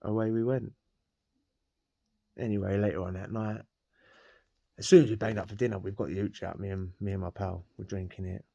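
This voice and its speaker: A man's voice: fairly low pitch, steady tone, fairly quick, gravelly, long pauses, warm tone, no room sound, dull audio. A man telling a rambling personal story in casual slang, laughing often. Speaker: podcast guest telling a prison story.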